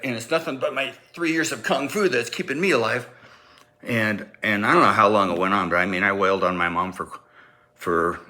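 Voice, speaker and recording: A man telling a comic personal story in an animated way, acting out sounds and voices. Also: mid-range voice.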